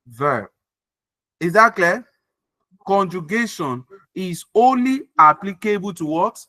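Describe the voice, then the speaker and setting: A man teaches grammar over a video call, his voice high and bright. He speaks slowly and keeps asking whether his students understand. The sound is dry and close. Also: animated, no echo. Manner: repeats points and checks understanding often. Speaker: English tutor. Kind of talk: online grammar class.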